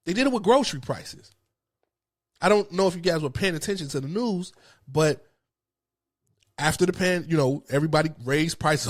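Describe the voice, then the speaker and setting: A man's voice: on the high side, moderate pace. A man hosting his own show, giving a passionate, frustrated political commentary. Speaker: host.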